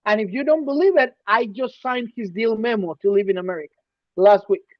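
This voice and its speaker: A man co-hosting a casual podcast, emphatic and ranting, swinging between loud bursts and quiet asides. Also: high voice, brisk, no echo. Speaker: podcast co-host. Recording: dull, dry lo-fi sound.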